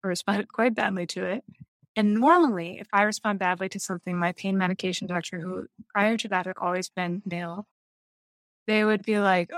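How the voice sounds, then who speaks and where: A woman's voice: medium pitch, fairly even intonation, a little fast, dry recording. A woman speaking candidly in a casual conversation, often laughing as she talks. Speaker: guest.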